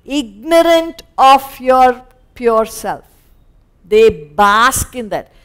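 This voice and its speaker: High-voiced Indian woman lecturing on scripture. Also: extremely slow, clean tone. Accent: Indian English. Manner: animated, acts out little scenes in quoted voices. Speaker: spiritual teacher. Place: lecture hall.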